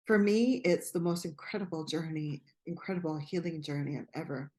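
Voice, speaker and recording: A woman from Canada, a guest speaking earnestly and fervently about her own journey, with some halting restarts. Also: sits low, darkish tone. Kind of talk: personal testimony in interview.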